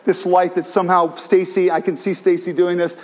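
Preaching with passion at a church in San Francisco, a male pastor keeps repeating himself and restarting his phrases. He speaks a little fast in a high-pitched voice, though his delivery is flat.

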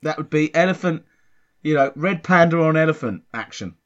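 A man co-hosting a comedy podcast, talking in a rambling, hesitant, deadpan way. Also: fairly high pitch, normal speed. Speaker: podcast co-host. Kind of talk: casual comedy chat. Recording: dull lo-fi sound.

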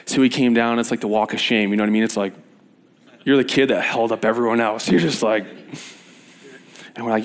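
A young man, a youth pastor, preaching and telling stories with lively energy. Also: medium pitch, fairly quick, pauses often. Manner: energetic, animated storytelling with laughs. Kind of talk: sermon with storytelling.

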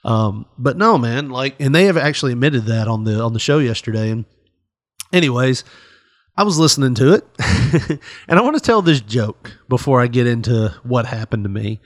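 A man co-hosting a podcast, rambling along in loose, profane chat and often breaking into laughs. His voice has a medium pitch. It is recorded close and dry, with no room around it. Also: expressive, normal speed, dry recording. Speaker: podcast co-host. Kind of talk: casual chat.

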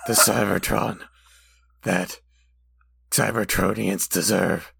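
An earnest male robot commander bursts out in a strained, high-pushed voice, as a man puts him on. He sounds intense and overwrought, with the words crowding and stumbling. The sound is dry and close. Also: steady tone, takes it slowly, creaky, fairly bright tone, slightly rough, no echo, heavily acted.

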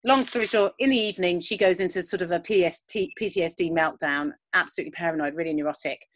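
Low-voiced rambling woman. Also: fast talker, slight background noise. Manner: rambling, with many fillers and retellings of scenes. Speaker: podcast co-host. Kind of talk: casual chat recapping a TV episode. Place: home, recording remotely. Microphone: video call.

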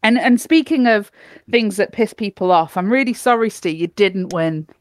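A woman's voice: mid-range voice, expressive, normal speed, no room sound. A woman co-hosting a casual podcast, chatty and giggly, sometimes ranting. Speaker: podcast co-host. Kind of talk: casual chat.

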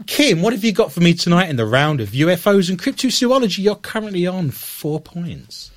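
A man's voice: sits high, big pitch swings, normal speed, no room sound. Guy hosting a podcast, jokey and teasing, voice bounces up and down a lot, dry close sound. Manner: playful, self-mocking banter. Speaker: podcast host. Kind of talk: joking casual chat.

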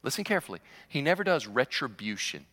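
A male pastor preaching with a lively, swooping delivery and a bright, ringing tone. He repeats words for emphasis and chuckles between points. His voice carries the long reverb of a large church sanctuary. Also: mid-range voice, fast talker. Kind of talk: sermon.

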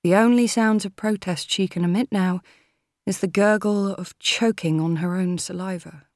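A woman reading an audiobook in a measured, steady manner. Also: mid-range voice, no echo, studio quality. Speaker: audiobook narrator. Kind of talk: audiobook narration.

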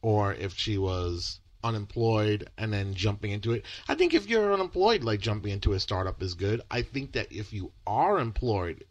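A young man co-hosting a podcast, his low voice swinging up when he gets into a point. He comes across easygoing and wry, with casual swearing here and there. The recording is dry and close. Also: animated, moderate pace, hardly any pauses, no room sound. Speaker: podcast co-host. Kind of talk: casual chat.

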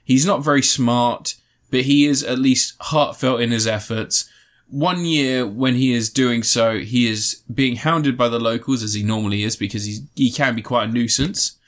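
A man's voice: mid-range voice, normal speed, hardly any pauses, fairly bright tone. Sarcastic, sweary male podcast host. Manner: sarcastic, sweary, mock-earnest. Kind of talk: casual comedic chat.

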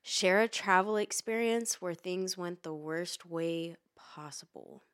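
A young American woman co-hosting a podcast, rambling in casual chat and swearing a lot, getting loud and animated when she argues. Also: fairly low pitch, slow pace, clean tone. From United States. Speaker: podcast co-host. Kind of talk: casual chat while eating hot wings.

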